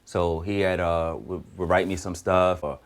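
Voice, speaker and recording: A young male guest singer with a very low voice tells a story casually and conversationally. He keeps it lively by slipping into other people's voices, acting out their lines in quick back-and-forth.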